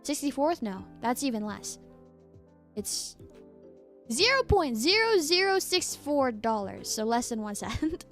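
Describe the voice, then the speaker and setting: A woman's voice: sits high, sing-song, measured pace, a bit bright, soft background music. A young adult woman streamer chatting casually with her live chat, playful and laughing often as she reads messages aloud.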